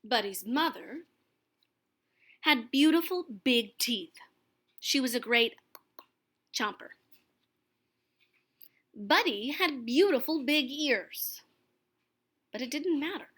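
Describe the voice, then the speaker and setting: A young woman reading a children's picture book aloud, expressive and gentle. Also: high-pitched, takes it slowly, pauses often, husky. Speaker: storyteller.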